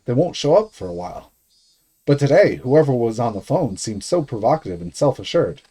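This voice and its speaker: A man's voice: mid-range voice, mellow, slightly rough. A male streamer reading a visual novel's narration aloud.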